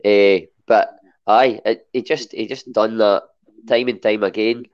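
Low-voiced Scottish man, hesitant chat. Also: fairly even intonation, measured pace, dull audio. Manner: hesitant, many restarts. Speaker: podcast guest. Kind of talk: casual chat.

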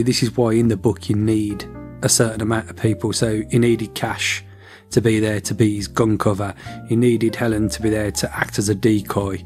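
A man co-hosting a podcast, chatting casually and rambling, with quick switches as he acts out lines from a story. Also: fairly low pitch, a little mellow. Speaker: podcast co-host. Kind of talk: casual chat.

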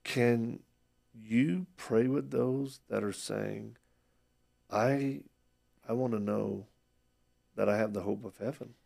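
A male host with a low, heavily gravelly voice. He listens and affirms, then gently prompts his guest to pray. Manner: affirming, quick to agree. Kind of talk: interview, brief responses.

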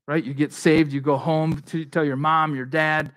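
A male pastor preaching a sermon in a conversational way, slipping into quick voices for the people in the story. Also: fairly high pitch, fairly even intonation, a bit bright.

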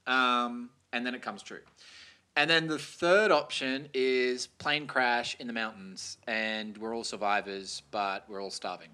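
Bright-voiced man in crude casual banter. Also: mid-range voice, fairly even intonation, measured pace, clean tone. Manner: joking, crude, laughs a lot. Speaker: podcast co-host. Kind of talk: casual podcast chat.

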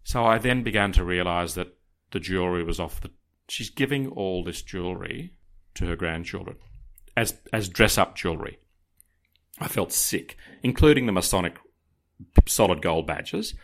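Podcast co-host, male, lower voice, dramatic anecdote teller. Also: moderate pace. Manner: animated, dramatic, addresses listeners directly. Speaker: podcast co-host telling a story. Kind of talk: casual storytelling to listeners.

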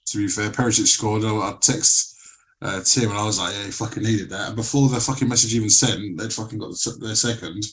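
A man's voice: on the low side, fairly even intonation, a little fast, fairly bright tone. A man hosting a casual football podcast, rambling and swearing freely. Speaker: podcast host. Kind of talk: casual chat.

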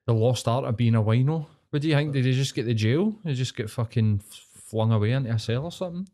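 A young man with a broad Glaswegian accent talks loosely and swears often as he reminisces on a podcast. His voice sits at an ordinary middle pitch, and he laughs easily between stories. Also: fast talker, mellow. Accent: Glaswegian Scottish. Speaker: podcast co-host. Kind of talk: casual chat.

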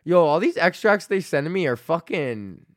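A man's voice: on the high side, big pitch swings, normal speed, no echo, studio quality. A young man hosting his own comedy podcast, ranting with constant swearing and frequent laughter. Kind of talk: profane solo rant.

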